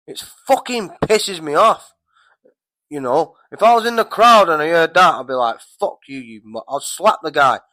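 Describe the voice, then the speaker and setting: A man's voice: on the high side, expressive, moderate pace, bright, forceful tone, no echo. Profane man ranting about wrestling. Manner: profane, rambling, heated. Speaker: wrestling commentator vlogger. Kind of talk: casual ranting recap.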